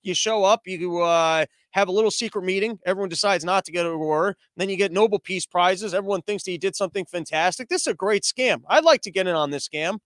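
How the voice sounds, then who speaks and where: A man's voice: high-pitched, brisk, hardly any pauses, a bit bright, no echo, clean studio sound. A man hosting a comedy show, delivering a sarcastic, ranting political monologue.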